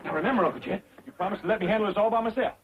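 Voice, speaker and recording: An actor playing a dim-witted, boastful young country bumpkin with a drawl, goofy and excitable, in 1960s sitcom style. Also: male voice, high voice, rapid-fire, a little hiss or hum, close to an everyday voice. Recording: lo-fi 1960s TV audio with laugh track.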